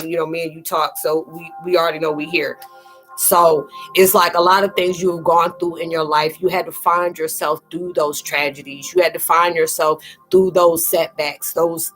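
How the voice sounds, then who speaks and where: A woman's voice: low voice, fairly bright tone, poor audio. Tearful woman hosting a spiritual live chat. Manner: emotional and earnest, addressing viewers by name; colloquial, fillers and restarts, calls listeners sweetie. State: close to tears. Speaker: live-stream host and spiritual reader.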